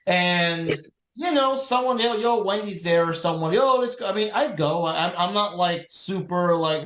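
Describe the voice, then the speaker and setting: A man's voice: high-pitched, brisk, a bit bright, reverberant. A man co-hosting a podcast, rambling in laid-back casual chat with many restarts. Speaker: podcast co-host.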